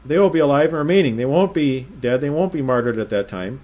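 A man giving verse-by-verse Bible teaching in a measured, explanatory way, slowing down to stress quoted phrases. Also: mid-range voice, darkish tone.

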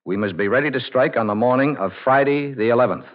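An actor playing a calm, authoritative male leader of a raid party, speaking in measured tones in an old radio drama. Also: medium pitch, a crowd in the background, lightly acted. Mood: firm. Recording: dull old radio recording with noise.

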